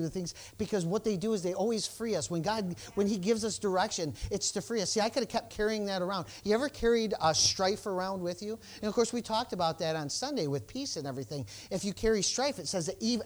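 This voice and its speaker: A male pastor preaching a sermon, telling a personal story and acting out the exchanges, with stammered restarts and bursts of praise. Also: high-pitched. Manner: exclamations of praise.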